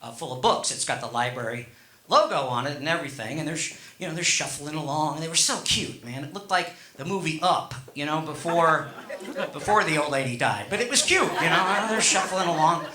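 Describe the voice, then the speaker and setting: A man's voice: fairly high pitch, lively intonation, a little fast, pushed and bright, echoey room. A middle-aged man doing stand-up, telling a rambling story with chuckles and many fillers. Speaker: stand-up comedian.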